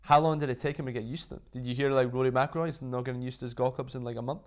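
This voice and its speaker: A man's voice: mid-range voice, fairly even intonation, very fast, smooth, natural voice. A man doing a put-on American accent as an eager male sports interviewer who drags out his questions.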